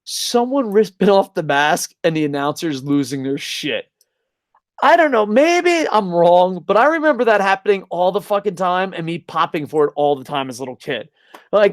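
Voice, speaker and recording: Excitable, profane man on a dry mic. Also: sits high, moderate pace, no echo. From New Jersey. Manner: profane, excitable, acts out announcers loudly. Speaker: co-host. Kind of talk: casual podcast chat.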